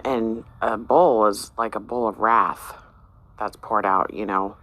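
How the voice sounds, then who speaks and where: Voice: medium pitch, fairly even intonation, slow, fairly bright tone. A channel host telling viewers about a dream in a casual way, rambling and hesitant with many fillers and restarts, musing aloud about what it means.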